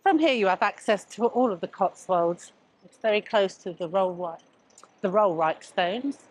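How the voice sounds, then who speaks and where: An older woman hosts a travel vlog on foot along a town street, speaking at medium pitch and a normal speed. She's chatty and slightly breathless from walking, pointing out sights as she moves.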